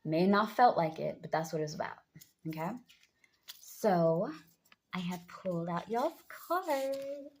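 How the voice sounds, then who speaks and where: Woman, young adult, tarot reader, casual hype chat, slightly deep voice, pet names. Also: a little slow. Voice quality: a bit deep from just waking up. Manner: lively, hypes viewers up with pet names. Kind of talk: casual tarot reading monologue.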